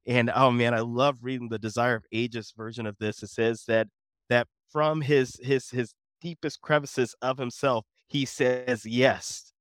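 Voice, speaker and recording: A man's voice: mid-range voice, steady tone, a little slow, clean tone, no room sound, clean studio sound. A man co-hosting a Bible lesson discussion, talking in an earnest, emphatic, preacherly way. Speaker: co-host of a Bible study show.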